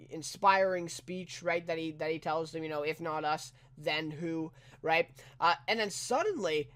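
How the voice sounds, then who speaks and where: Man, high-pitched voice, casual TV episode review, rambling, filler-heavy, incredulous asides. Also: a bit bright. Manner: rambling, full of "you know" and "right?".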